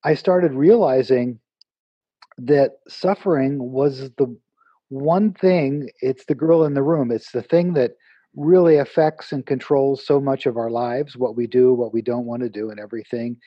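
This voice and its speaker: A man's voice: medium pitch, a little slow, no room sound, highs cut off. A man being interviewed as an author, telling a story with animation and acting out the lines of the people in it. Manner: animated, acts out quoted dialogue. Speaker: author and guest.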